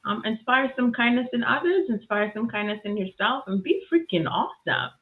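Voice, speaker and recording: A woman telling a lively story about kindness as a guest on a video call, laughing often and acting out voices. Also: fairly high pitch, brisk. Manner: animated, laughs often, acts out voices in stories. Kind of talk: casual storytelling. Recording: tinny phone-like line.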